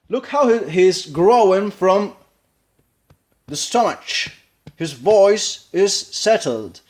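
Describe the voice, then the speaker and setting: A man with a Spanish accent, a native Spanish speaker, casually analyzing a film scene, halting and searching for words. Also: mid-range voice, a little mellow. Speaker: acting learner.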